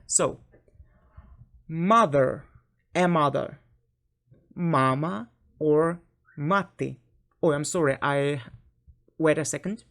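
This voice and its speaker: Slow-speaking Ukrainian-accented woman teacher. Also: low-pitched. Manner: hesitant, many fillers and self-corrections, light laughs. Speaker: language teacher. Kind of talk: online language lesson.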